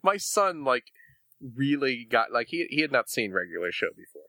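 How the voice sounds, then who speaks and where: A man in his thirties co-hosting a casual podcast chat, animated and jokey, laughing often. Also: mid-range voice, normal speed, dry recording. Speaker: podcast co-host.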